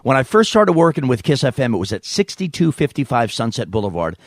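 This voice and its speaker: A man's voice: mid-range voice, fast talker, no room sound, studio quality. Man telling comic stories on a podcast. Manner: animated, slips into voices and quotes. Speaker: podcast host. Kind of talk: comic storytelling.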